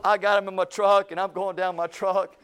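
Folksy pastor, high voice. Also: male voice, flat delivery, brisk, crowd noise. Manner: folksy storytelling, drawling with emphatic rises. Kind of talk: sermon. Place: church sanctuary.

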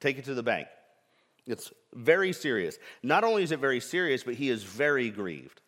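A man's voice: mid-range voice, big pitch swings, moderate pace, fairly bright tone. Man, pastor, sermon, emphatic, rhetorical questions, long hall reverb.

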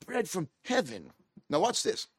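High-voiced preacher, emphatic. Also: male voice, huge pitch swings, a little slow, husky, no echo, clean studio sound. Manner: emphatic, rising and falling preaching delivery. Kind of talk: sermon.

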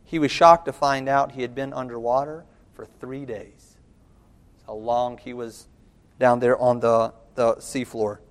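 A male preacher delivering a sermon with dramatic storytelling, dropping to near hushes and rising to urgent calls. His voice sits at a middle pitch. It carries a long reverb from a large hall. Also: steady tone, unhurried. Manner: dramatic storytelling, swinging between soft and loud.

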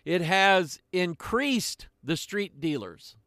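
An older man preaching a sermon in a slow, deliberate way, with frequent pauses. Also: sits high, very animated, fairly bright tone, dry recording, studio quality.

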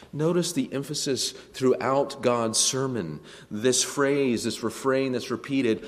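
A man preaching a sermon, earnest, slowing down and rising in pitch to stress key phrases. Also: big-room sound. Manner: earnest preaching, slows and rises for emphasis. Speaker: pastor.

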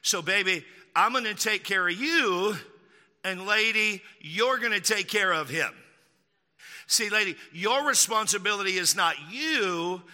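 A man from Texas preaching a sermon as pastor, emphatic, slowing down to repeat key lines and throwing in mocking asides. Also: high-pitched, lively intonation, sharp tone, big-room sound.

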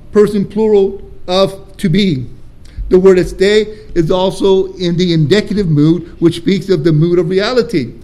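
A pastor preaching a sermon with emphatic, deliberate stresses and rhetorical questions to his congregation in church. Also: high-pitched, dark tone.

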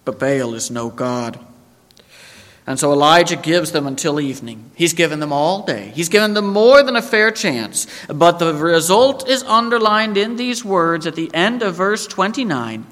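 A man preaching a sermon, animated and emphatic, quoting scripture and acting out the story. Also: fairly high pitch, normal speed, big-room sound. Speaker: pastor.

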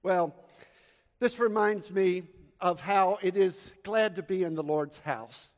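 A high-voiced pastor speaks to his congregation in a warm storytelling tone that moves between earnest prayer and a joke-told anecdote. His voice echoes with the long reverb of a church hall. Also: slow pace. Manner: earnest, storytelling with audience call-and-response. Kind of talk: sermon with prayer and humorous anecdote. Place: church sanctuary.

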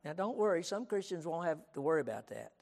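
Talking fast and very animatedly, a pastor preaches an emphatic sermon in an echoing auditorium, his voice on the high side, a little mellow, with vocal fry. He repeats his points and keeps saying "listen."

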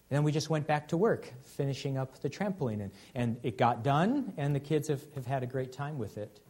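A man's voice: medium pitch, animated, a little fast, few pauses, a little mellow. A man in his thirties, a pastor preaching a sermon in an earnest, conversational way, with frequent "okay?" check-ins.

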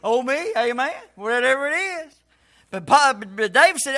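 A man preaching a sermon to a church congregation, folksy and calling for responses, sometimes shouting. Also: very high voice, big pitch swings, normal speed.

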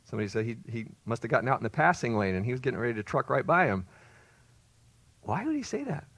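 A man preaching a sermon, swinging between loud emphatic peaks and quiet low asides. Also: rapid-fire, creaky, no room sound. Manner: expressive, rises to loud emphasis then drops low. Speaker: pastor.

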